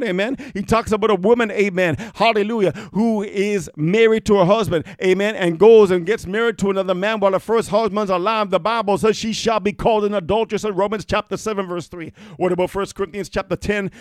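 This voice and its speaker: A man's voice: no room sound, clean studio sound. A man preaching a fiery sermon, scattering amen and hallelujah and reading scripture in King James wording. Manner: peppers speech with amen and hallelujah; swings between loud exhortation and low murmured reading.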